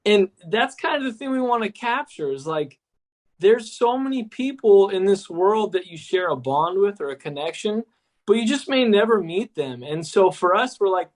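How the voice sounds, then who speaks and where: A man's voice: high-pitched, lively intonation, normal speed. A man, an app co-founder, chatting enthusiastically and loosely on a podcast, full of "like" and "cool". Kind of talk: casual podcast chat.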